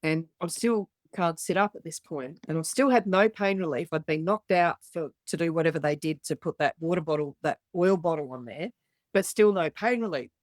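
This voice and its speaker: A woman's voice: sits low, normal speed, no room sound. Blunt Australian woman telling a story. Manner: blunt, swears freely, acts out the voices of others. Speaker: podcast guest. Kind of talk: candid storytelling.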